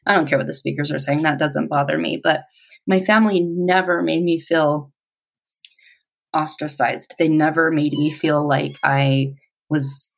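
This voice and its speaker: A woman in her forties tells her personal story in an interview, reflective and halting, pausing often. Her low voice is creaky with a steady tone, and the recording quality is poor.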